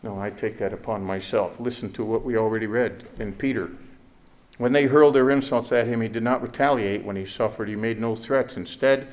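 A man's voice: on the low side, fairly even intonation, brisk. A male pastor preaching a sermon in earnest, often repeating words and rising to emphatic peaks.

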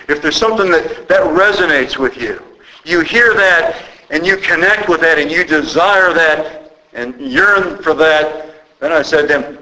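A man's voice: fairly high pitch, sharp tone, low-quality recording. A male pastor preaching a sermon in an earnest, conversational way, often restarting his phrases. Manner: earnest, halting with repeated restarts.

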